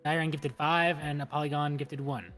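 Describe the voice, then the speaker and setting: A woman co-streamer in casual chat, calm, low-key and dry. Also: normal speed, soft background music.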